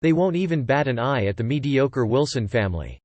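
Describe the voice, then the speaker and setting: A man's voice: medium pitch, lively intonation, fairly quick, darkish tone, dry recording, lightly acted. A man voicing an angry middle-aged father in an audiobook, chiding in a furious tone.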